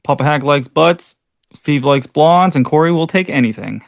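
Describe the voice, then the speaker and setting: A man's voice: fairly high pitch, animated, vocal fry, no room sound, studio quality. Playful joking male podcast cohost. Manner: joking, playful, quick to laugh. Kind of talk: casual chat.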